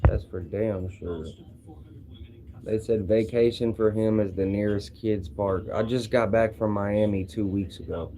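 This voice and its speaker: A man's voice: fairly low pitch, fairly even intonation, measured pace, dark tone. Brash, profane Kentucky streamer guy. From Louisville, Kentucky. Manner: brash, profane trash talk. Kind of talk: livestream chat answering viewers' comments.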